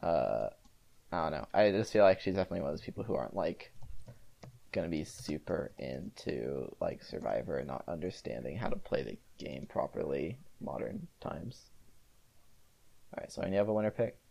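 A man's voice: a bass voice, very animated, normal speed, gravelly, warm tone. A man chatting casually and hesitantly, hedging with many fillers. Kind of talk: casual chat.

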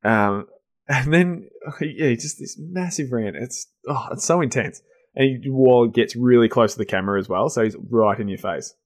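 A man's voice: mid-range voice, moderate pace. A man co-hosting a podcast in casual chat, enthusiastic and laughing often, with many fillers and restarts. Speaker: podcast co-host.

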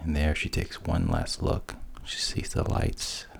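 A man narrating a fairy tale in a whispered role-play. His voice is extremely low and gravelly, and he speaks slowly. It stays hushed and unhurried throughout. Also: sing-song, slight background noise. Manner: hushed, breathy, unhurried retelling. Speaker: storyteller.

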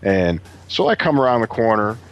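A man casually telling a story to friends, animated and profane, acting out what others said. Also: lowish voice, moderate pace, dull audio. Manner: animated, profane, acts out quotes. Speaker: podcast guest telling a story.

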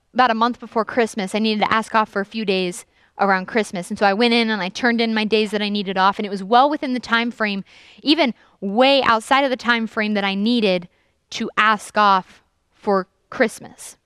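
A young adult woman, a youth pastor, preaching a sermon with earnest storytelling and lively emphasis. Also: fairly high pitch, normal speed, clean tone, no echo.

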